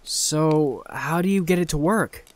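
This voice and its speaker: A man's voice: a little high, unhurried, pitched above the performer's own voice, lightly acted. A man voicing a wary, amazed teenage girl who speaks hesitantly and stutters.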